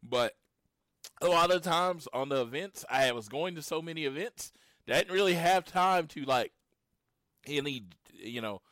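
A man in his late thirties from Oklahoma, chatting casually as a podcast co-host and retelling his encounters with lively storytelling. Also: a little high, normal speed, no echo, studio quality. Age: 30s. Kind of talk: casual chat.

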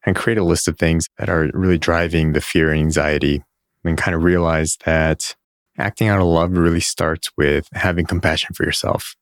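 Calm low-voiced podcast host. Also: male voice, normal speed, dry recording, clean studio sound. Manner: calm, supportive, wraps up the show. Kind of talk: casual podcast chat.

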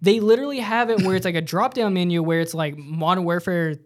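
A man's voice: sits high, fast talker. Rambling casual podcast guy. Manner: rambling, laughs at own stories. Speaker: podcast co-host. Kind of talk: casual chat.

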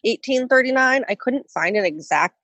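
A woman's voice: a little high, animated, normal speed, fairly bright tone, no room sound. A woman co-hosting a podcast, playful and self-mocking in casual chat. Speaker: podcast co-host.

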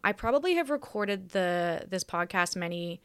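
A woman's voice: fairly low pitch, lively intonation, moderate pace, a bit bright, clear, resonant tone, dry recording, clean studio sound. A woman from Australia with an accent that drifts between Australian and American, hosting a rambling, dramatic, self-mocking podcast monologue from home. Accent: Australian mixed with American. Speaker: podcast host. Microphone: studio microphone.

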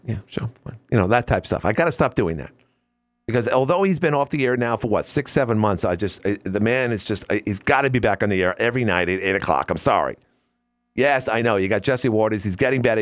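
Lively wisecracking male radio host. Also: lowish voice. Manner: rambling, wisecracking, animated. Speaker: radio talk show host. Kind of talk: call-in radio talk.

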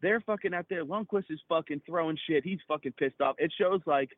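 A man in casual sports chat on a podcast, excitable and profane, rambling with lots of fillers. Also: a little high, fairly quick, no room sound. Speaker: podcast co-host. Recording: tinny phone-like line.

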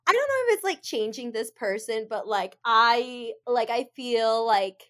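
A woman's voice: fairly high pitch, sing-song, normal speed, few pauses, fairly bright tone. A woman co-hosting a podcast in casual chat, blunt and profane, laughing often. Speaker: podcast co-host.

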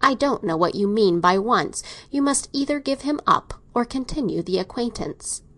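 A woman's voice: on the high side, expressive, fairly bright tone. A woman reading a cool, ironic doctor father. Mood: cold. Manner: measured, dry, ironic. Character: middle-aged man, cool ironic domineering doctor father. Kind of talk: audiobook character reading.

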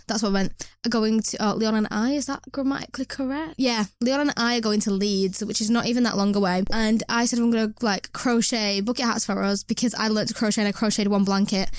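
Fast, chatty woman podcaster. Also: mid-range voice, no room sound, clean studio sound. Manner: chatty, rambling, self-mocking, frequent restarts. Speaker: podcast host. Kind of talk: casual chat.

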